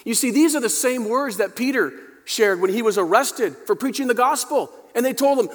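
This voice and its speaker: Man preaching, fairly high voice, dynamic delivery, long church reverb, talks straight to congregation. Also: expressive, moderate pace, hardly any pauses. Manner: dynamic preaching, rising to emphatic peaks and dropping low; addresses the congregation directly. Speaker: pastor. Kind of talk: sermon.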